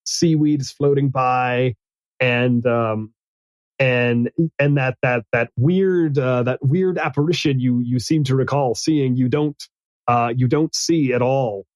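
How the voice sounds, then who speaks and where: A man running a tabletop game as game master, narrating in a halting way with many restarts and fillers. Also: medium pitch, darkish tone, no echo, rough recording.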